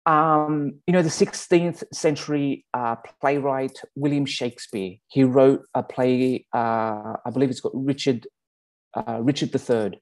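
A man with an Australian accent giving a conversational sermon, often pausing to check in with his listeners. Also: mid-range voice, fairly even intonation. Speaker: pastor.

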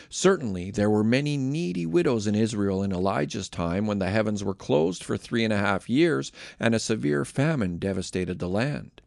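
A man reading scripture aloud in a measured, expressive way, then giving a casual devotional comment on a close mic. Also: fairly low pitch, vocal fry, dry recording. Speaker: Bible reader and podcast host.

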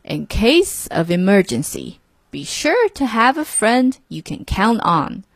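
A woman voicing a wise old male grandpa toad in a storybook reading, with a breathy voice. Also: mid-range voice, sing-song, dry recording, heavily acted. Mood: solemn. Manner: slow, declaring, sage.

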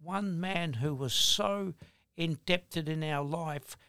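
An older man, answering interview questions in a deliberate, firm way. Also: on the high side, pushed and bright, clear, resonant tone, no room sound, clean studio sound. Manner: deliberate, firm, slow in places. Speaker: guest, engineering business owner.

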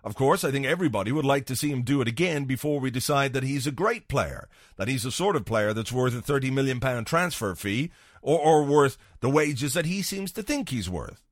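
A man with a slightly high voice hosts a football podcast in a dry recording with clean studio sound. He talks casually and sweary, animated, slipping into voices to act out his points for comic effect.

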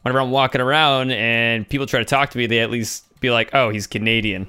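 A man's voice: medium pitch, steady tone, quick pace, sharp tone, clean tone. A young American man telling rambling, chatty stories with frequent restarts in a casual podcast chat. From United States.

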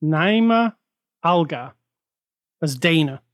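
Chatty man, slightly high voice, dry close mic, co-host reviewing films. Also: no room sound. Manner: chatty, quick opinions, lively asides. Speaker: podcast co-host. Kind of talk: casual movie review chat.

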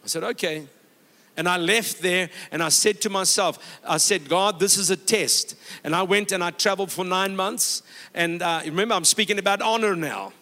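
A man's voice: sits high, normal speed, pushed and bright. A man pastor preaching a sermon in a church, exhorting the congregation and telling stories with quoted dialogue. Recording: long hall reverb.

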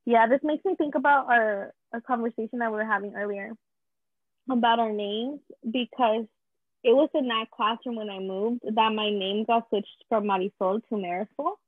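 A woman's voice: fairly high pitch, fairly even intonation, moderate pace, dry recording. A young woman from Mexico with a Mexican Spanish accent, chatting casually with lots of fillers and switching into Spanish. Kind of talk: casual chat. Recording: tinny phone line.

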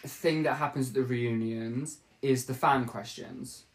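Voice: medium pitch, steady tone, unhurried. A podcast host rambling through a casual chat and laughing often.

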